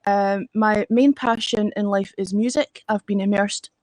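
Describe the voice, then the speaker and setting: A woman's voice: mid-range voice, fairly even intonation, measured pace, a little mellow, no echo, rough recording. Easygoing Scottish woman chatting. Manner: easygoing, wry, laughs often. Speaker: guest broadcaster. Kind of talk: casual chat.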